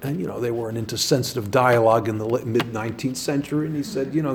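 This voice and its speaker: A man's voice: mid-range voice, quick pace, gravelly, few pauses. Priest guy giving a meditation, chatty and loose, lots of you-knows, faint hiss behind. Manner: conversational, many fillers, animated storytelling. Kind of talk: spoken meditation.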